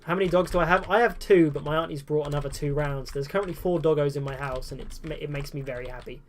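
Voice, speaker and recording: A man's voice: a little high, quick pace, a little hiss or hum. A man chatting casually on a live game stream at home, answering chat in a self-mocking way.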